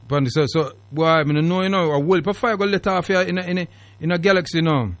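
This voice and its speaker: This radio studio host runs a call-in talk show, preaching emphatically in British English strongly tinged with Jamaican Patois. He talks quickly in a slightly high voice with fairly even intonation, and there's no echo.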